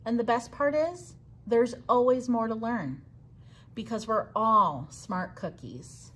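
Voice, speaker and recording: A woman reading a children's picture book aloud in a gentle, earnest storytelling manner. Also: a little high, slow. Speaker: storybook reader.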